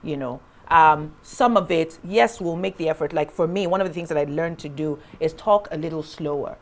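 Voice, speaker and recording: Frank Nigerian woman, low voice. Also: normal speed. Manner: frank, emphatic, with Nigerian "oh" particles. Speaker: panel guest. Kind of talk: candid panel discussion.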